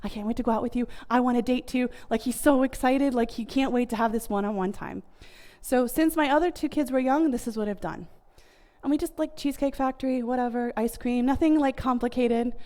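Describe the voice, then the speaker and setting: A woman's voice: high-pitched, dark tone. A woman in her thirties with an American accent, speaking casually to an audience about family communication, with many fillers. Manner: chatty, many fillers like "like" and "you know".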